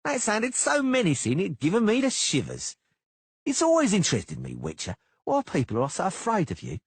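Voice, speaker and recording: Casting: male narrator doing a cocky, menacing sellsword, raised husky voice, sneering. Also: high voice, huge pitch swings, moderate pace, no echo, voice pushed up, full character voice. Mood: taunting. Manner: taunting, sneering. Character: swaggering male mercenary, mocking and menacing.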